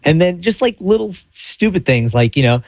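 Rambling, animated radio co-host man. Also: sits high, brisk, creaky, dry recording, muffled recording. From South Florida. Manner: rambling, animated storytelling with voiced inner monologue. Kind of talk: casual radio talk.

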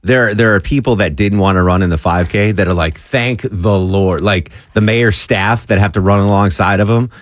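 A male radio host in casual on-air chat, joking with a co-host and reading contest promos with lively pitch jumps. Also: brisk, hardly any pauses, no echo. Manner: jokey, reads promos with pitch swings. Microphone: studio microphone.

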